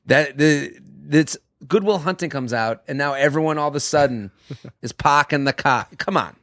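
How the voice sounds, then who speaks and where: A man's voice: a little high, moderate pace, dry recording, studio quality. Rambling, swearing man. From Boston. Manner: rambling, swearing, laughs at himself. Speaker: comedian guest. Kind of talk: casual podcast chat.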